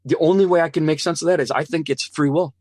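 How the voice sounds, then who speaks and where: A fairly high-voiced man tells his own story as a guest, earnest and animated, slipping into the voices of the people in it. The sound is dry and close, with no room echo. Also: fast. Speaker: interview guest. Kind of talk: personal testimony storytelling.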